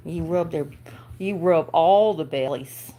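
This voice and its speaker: A woman's voice: deep voice, slow pace, dark tone. A woman host chatting casually on a livestream while she plays with her dog, laughing and cooing baby talk into a phone on a stand.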